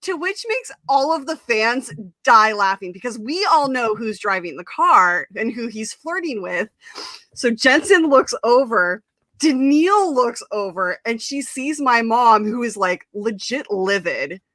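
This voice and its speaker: Bright, lively young woman host. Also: fairly high pitch, measured pace, no room sound. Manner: animated storyteller, many fillers, laughs often. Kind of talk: casual chat, storytelling. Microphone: live stream mic.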